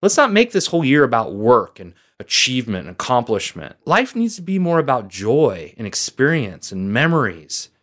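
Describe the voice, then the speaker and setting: A man's voice: medium pitch, normal speed, few pauses. A man hosting a motivational podcast as a coach, talking earnestly and encouragingly straight to his listeners. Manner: earnest, encouraging, lively emphasis.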